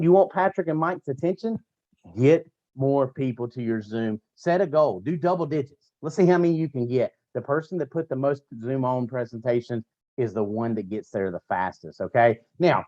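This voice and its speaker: A man giving an energetic motivational training talk to his sales team, full of repeated slogans and direct coaching. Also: fairly high pitch, lo-fi sound. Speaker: network marketing team trainer.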